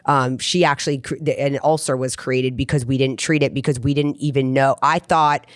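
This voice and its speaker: A woman's voice: very deep voice, steady tone, normal speed, dry recording, clean studio sound. A middle-aged woman hosting a podcast, telling a personal story in an earnest, rambling way. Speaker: podcast host. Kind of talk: casual podcast chat.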